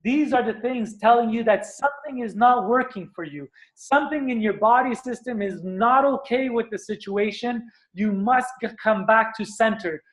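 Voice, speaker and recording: Earnest man giving a spiritual talk. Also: very high-pitched. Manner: earnest, animated, acts out screams and stomps. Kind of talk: motivational talk.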